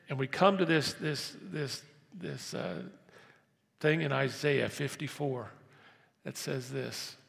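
A man preaching a sermon as pastor, moving between quiet, hushed stretches and loud, emphatic passages. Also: a little high, gravelly. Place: church sanctuary. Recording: long reverb of a church hall.

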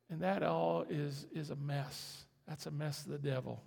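Folksy preacher guy in a church, gravelly voice, lots of hall echo. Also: fairly high pitch, brisk, few pauses, a little mellow. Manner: folksy, conversational preaching with rising emphasis. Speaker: pastor. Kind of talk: sermon.

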